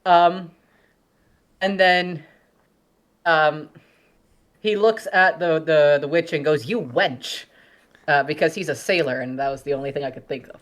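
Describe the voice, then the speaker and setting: A woman's voice: deep voice, fairly even intonation, unhurried, long pauses. A woman playing in a tabletop game, chatting casually at the table and rambling, with lots of giggles and restarts. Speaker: player.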